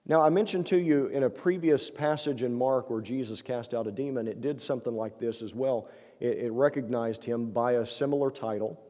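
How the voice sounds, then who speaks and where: Mellow-voiced preacher in a reverberant church. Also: male voice, mid-range voice, brisk. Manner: earnest, conversational preaching with rhetorical questions. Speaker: pastor. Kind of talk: sermon. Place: church sanctuary. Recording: long church-hall reverb.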